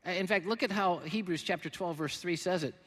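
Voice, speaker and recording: A man preaching a sermon as pastor, animated, swinging between loud emphatic lines and quiet, low ones. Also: brisk, long reverb tail.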